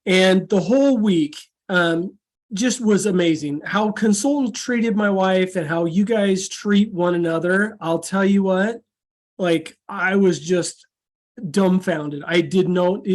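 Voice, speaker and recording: Man, guest speaker, call audio; animated storyteller who acts out quoted voices. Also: high-pitched. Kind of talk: storytelling talk on a video call. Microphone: video call.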